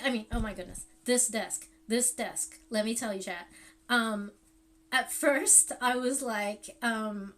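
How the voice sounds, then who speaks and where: Young woman streamer rambling on in casual chat, kinda high voice, faint music under it. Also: fairly bright tone. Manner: rambling, filler-heavy storytelling with bursts of laughing.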